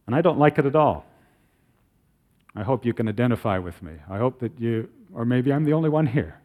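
A man's voice: medium pitch, animated, darkish tone. Earnest middle-aged male pastor preaching. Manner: earnest, slows down to read scripture. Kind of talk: sermon.

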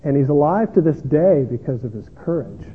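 A man's voice: on the high side, lively intonation, moderate pace, a little hiss or hum. A man preaching a sermon as a pastor, earnest and self-deprecating, often restarting his words. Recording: tinny lo-fi sound in a long-echoing hall.

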